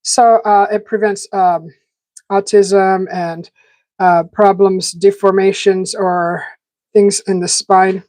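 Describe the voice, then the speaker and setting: A woman's voice: mid-range voice, level tone, takes it slowly, darkish tone, dry recording. A woman hosting a live stream, rambling in casual chat with many fillers and restarts, talking while eating. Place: home garden setting.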